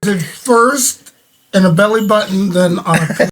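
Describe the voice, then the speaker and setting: A man's voice: sits high, a little slow, fairly bright tone, a little hiss or hum. A man from Illinois co-hosting a casual podcast, joking and teasing his friends and laughing often. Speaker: podcast co-host. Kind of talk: casual banter.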